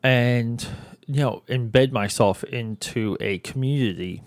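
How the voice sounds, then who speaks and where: A young adult man hosts his own podcast in a loose, rambling monologue and pumps up his listeners with hype. He talks close to the mic in a dry, dead sound, his pitch sitting in an ordinary middle range. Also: slow pace, dry recording. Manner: energetic, rambling, hype-building. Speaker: podcast host. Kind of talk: casual solo podcast monologue.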